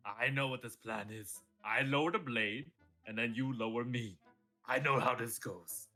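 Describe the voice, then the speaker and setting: A game master voicing a small armored male dwarf, suspicious and jumpy, with a gruff, blunt, matter-of-fact delivery. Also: mid-range voice, normal speed, pushed and bright, soft background music, close to an everyday voice. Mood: wary.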